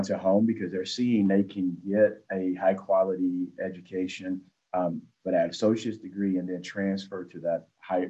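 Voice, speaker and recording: Man, very low voice, warm and mellow tone, podcast discussion, steady explanatory delivery. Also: dull audio. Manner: measured, explanatory, with fillers.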